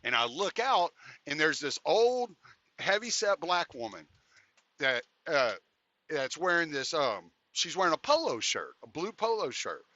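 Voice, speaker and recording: A man with a very bright, sharp voice spins a loose, profane trucker story in casual podcast chat, full of restarts and asides. The audio is dry and a little dull and lo-fi. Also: fairly high pitch, sing-song, measured pace, no echo. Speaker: podcast host; truck driver.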